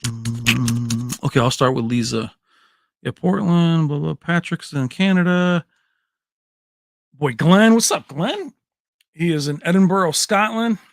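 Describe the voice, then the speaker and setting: A man's voice: on the high side, expressive, measured pace, gravelly, pauses often, no echo, studio quality. A man hosting a casual livestream, reading out viewers' names and locations and joking with the chat. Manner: chatty, reads names and places aloud, jokey. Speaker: livestream host.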